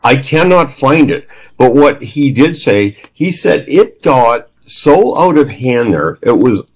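A man's voice: medium pitch, big pitch swings, slow pace, poor audio. A middle-aged man, a guest in an interview, telling a story with energy and acting out the dialogue he quotes. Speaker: guest, former police trainer.

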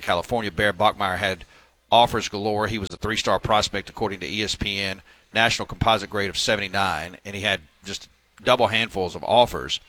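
A man's voice: on the low side, bright, forceful tone, dry recording, poor audio. A man hosting a sports talk radio segment, reading news items with filler words and wry asides.

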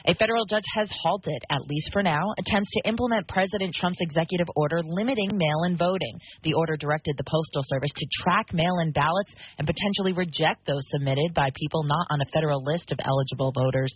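A woman reading the news headlines on a radio show in a steady, clear delivery. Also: sits low, fast talker, few pauses, no room sound. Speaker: radio newsreader. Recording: lo-fi radio broadcast with faint noise.

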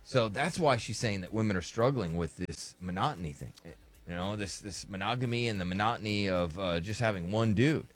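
A man co-hosting a casual podcast chat, animated and joking. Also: fairly low pitch, brisk. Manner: animated, jokes in an old-timey voice. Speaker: podcast co-host.

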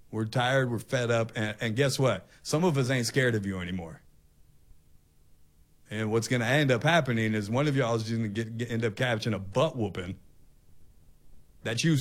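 A male talk show host delivering an impassioned, ranting opinion monologue, often repeating himself. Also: mid-range voice.

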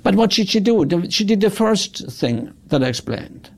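A man telling a story about customer service in an animated way. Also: sits high, moderate pace. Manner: animated, acts out quotes. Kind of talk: storytelling talk.

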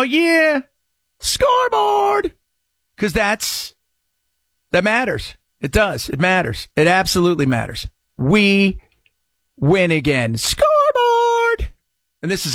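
Man, talk radio host, sarcastic, mocking shouts, high voice, dry studio mic. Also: no room sound. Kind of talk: opinionated talk radio monologue.

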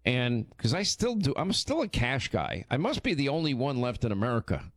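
Lively, teasing male radio host. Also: medium pitch, normal speed, dry recording. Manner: animated, teasing storytelling. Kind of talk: casual on-air chat.

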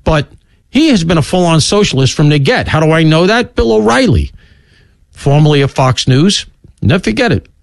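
A middle-aged male talk radio host in full monologue, his fairly high voice leaping up and down as he fires off asides. The studio sound is dry and close. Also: creaky, no echo. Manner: animated, swooping pitch, rapid asides.

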